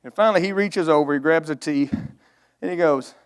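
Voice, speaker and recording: A man's voice: a little high, fairly quick, clear, resonant tone. A middle-aged man preaching a storytelling sermon, earnest and emotional, swelling to emphatic outbursts.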